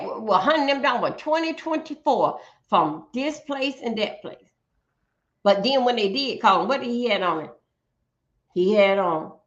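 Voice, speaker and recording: A woman's voice: a little high, a bit bright, highs cut off. A woman hosting a livestream, giving blunt, profane ranting commentary and often stumbling over repeated words. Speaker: livestream host.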